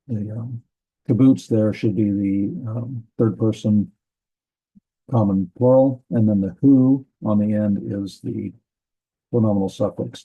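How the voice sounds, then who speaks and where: A man teaching a casual Bible language class, reading verses word by word with many halting fillers and restarts. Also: on the low side, vocal fry, warm tone, husky. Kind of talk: casual Hebrew grammar lesson. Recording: dull lo-fi recording.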